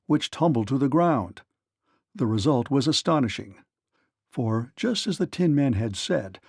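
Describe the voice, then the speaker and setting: A man narrating a children's read-along story in an animated storytelling manner. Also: fairly high pitch, dry recording, studio quality.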